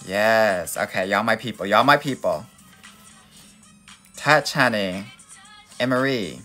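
A man's voice: lowish voice, takes it slowly, bright, forceful tone, faint music behind. A man from Los Angeles, a dating coach hosting a live stream, greeting viewers and reading their comments in a sassy, playful way, calling them honey and girl. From Los Angeles, USA.

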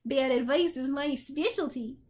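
A woman voicing a small furry male demon who is sniveling and insecure, with a whiny, high-jumping voice. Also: unhurried, darkish tone. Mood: boastful. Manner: pitch jumps high, whiny and sobbing.

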